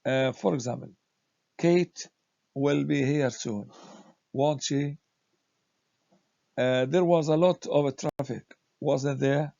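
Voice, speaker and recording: A man teaching a grammar lesson, speaking haltingly with many "uh" fillers as he reads example sentences aloud. The recording is dull, lo-fi and dry. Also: mid-range voice, creaky, mellow, dry recording. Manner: slow, halting delivery with frequent "uh" fillers.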